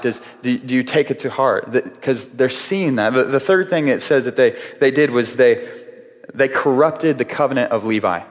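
A man's voice: medium pitch, big-room sound. A man preaching a sermon with earnest, repeated phrases as he builds each point. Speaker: pastor.

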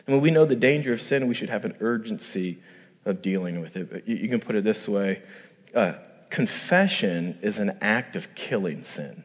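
A man's voice: fairly low pitch, expressive, normal speed. A male pastor giving a conversational sermon, acting out quoted voices and rising to emphatic peaks. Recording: long hall reverb.

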